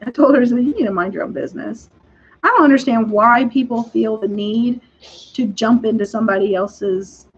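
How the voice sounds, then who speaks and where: A young woman, hosting a casual chat and telling stories in an animated, exasperated way with frequent laughs. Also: fairly high pitch, slightly rough. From Texas. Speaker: podcast host. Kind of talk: casual storytelling. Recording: dull lo-fi recording.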